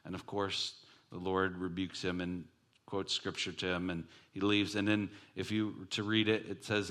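A man's voice: lowish voice, level tone, moderate pace, fairly bright tone. A man preaching a sermon as pastor, telling stories animatedly with self-deprecating jokes.

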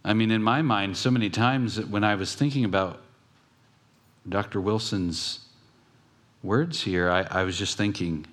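A pastor giving a conversational sermon, telling stories with pauses and restarts. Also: male voice, on the low side, a bit bright.

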